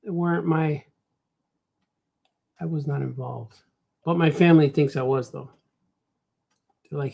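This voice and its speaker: A man's voice: a little high, fairly even intonation, normal speed, gravelly, pauses often, darkish tone, breathy edge. Man, Chicago accent, casual drawing stream, rambling self-talk, says "man" often. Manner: rambling, talks to himself, says "man" a lot. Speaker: cartoonist streaming while drawing. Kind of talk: casual livestream chat while drawing.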